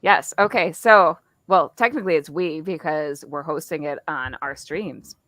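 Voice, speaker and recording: A woman with a fairly low voice talks through details as a podcast co-host. She is chatty and trips over a word here and there. The sound is dry and close, with no room around it. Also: moderate pace, fairly bright tone, dry recording. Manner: chatty, stumbles over words. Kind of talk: casual chat.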